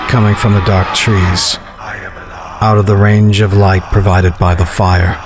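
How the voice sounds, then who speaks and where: A man narrating a horror story in a measured, grim storytelling manner. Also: fairly low pitch, noisy background.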